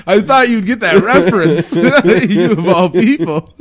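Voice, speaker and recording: A man's voice: high-pitched, animated, measured pace. A man hosting a casual podcast chat, laughing often and swearing freely. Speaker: podcast host.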